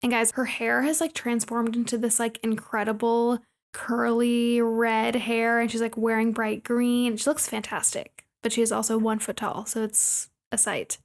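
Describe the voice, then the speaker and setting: A woman co-hosting a movie podcast, running through the plot in casual chat. Her voice sits a little high and carries a gravelly fry. She keeps the recap brisk and drops in playful asides. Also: little pitch movement. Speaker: podcast co-host.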